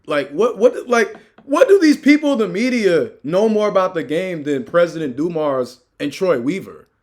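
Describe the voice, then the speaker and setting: A man hosting a sports news vlog, speaking in casual opinion commentary from a room full of fan memorabilia, emphatic and animated, repeating phrases for effect, his volume swinging between loud and soft. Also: high voice, moderate pace.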